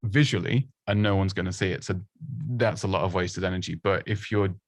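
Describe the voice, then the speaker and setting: Chatty man, low dry voice. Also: no echo. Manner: chatty, self-deprecating, lots of restarts and laughs. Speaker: presenting coach. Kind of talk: casual advice talk.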